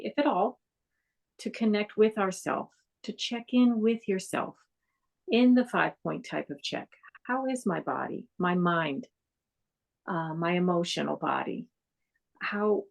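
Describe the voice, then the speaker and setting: A middle-aged woman giving a gentle, reflective mindfulness talk, now and then acting out the doubts in her listeners' heads. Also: medium pitch, vocal fry. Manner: gentle, reflective, with soft acted asides. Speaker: mindfulness teacher.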